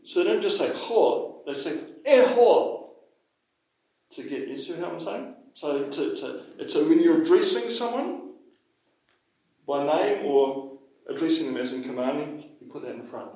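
A man's voice: on the high side, darkish tone. A man teaching a Māori language lesson to a class, chatty, explaining with asides and checking that his listeners follow. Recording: very echoey room.

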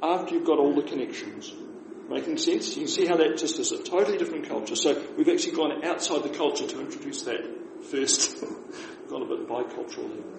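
A man with a New Zealand accent, teaching beginner Māori phrases in a relaxed class, explaining slowly and repeating words for his learners. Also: a little high, vocal fry. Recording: echoey room with faint noise.

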